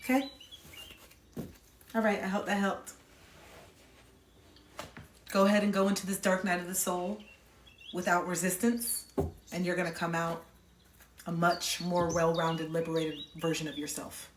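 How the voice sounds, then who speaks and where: A woman's voice: fairly low pitch, flat delivery, a little slow, long pauses, echoey room, recorded from a distance, a little hiss or hum. A woman giving a live tarot reading to viewers. She sounds intimate and reassuring, repeats her key phrases and keeps checking in with "okay?". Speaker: tarot reader.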